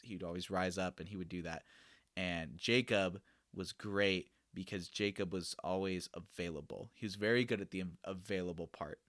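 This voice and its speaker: Earnest low-voiced young man hosting. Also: fairly bright tone, no room sound, studio quality. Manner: earnest, rambling, self-correcting. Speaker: podcast host and youth discipler. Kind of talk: casual Q&A podcast talk.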